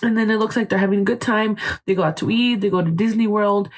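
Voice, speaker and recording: A woman's voice: mid-range voice, fast. Chatty young woman telling gossip. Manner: chatty, swears, mixes in Spanish phrases, acts out quotes. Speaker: podcast host. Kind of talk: casual gossip storytelling.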